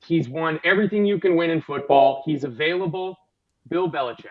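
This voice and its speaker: A man's voice: on the high side, a little fast, phone-quality sound. A man chatting casually as a fan panelist, jokey and thinking aloud. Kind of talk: casual chat.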